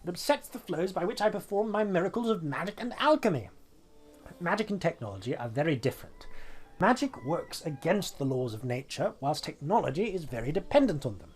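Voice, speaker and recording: A man's voice: fairly high pitch, big pitch swings, a little fast, husky, faint music behind. A man voicing an indignant, fussy male alchemist merchant, complaining in a pompous, aggrieved way.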